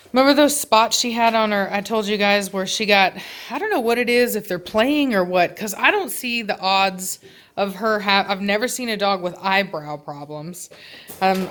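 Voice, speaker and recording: Slow-talking woman training dogs at home. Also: medium pitch, fairly bright tone. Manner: rambling, many fillers and restarts; firm short dog commands. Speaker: dog breeder and trainer. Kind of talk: casual home vlog. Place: home living room.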